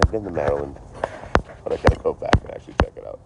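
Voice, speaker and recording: Very noisy audio carries a bass, creaky voice speaking very fast: a Boston-area traveling livestreamer chatting outdoors behind a store. He's laid-back and rambling, swearing freely, with faint vehicles passing.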